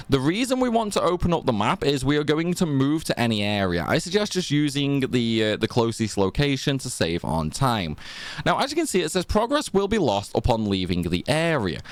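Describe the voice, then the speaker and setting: A man's voice: fairly high pitch, no room sound. A man hosting a gaming channel, narrating a game guide in an instructive way and often checking in with the viewer.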